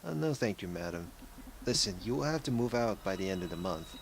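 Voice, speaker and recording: A man's voice: fairly low pitch, lively intonation, fairly quick, creaky, slight background noise, low-quality recording. A man reading a regretful young debt collector. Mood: formal. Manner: formal, apologetic.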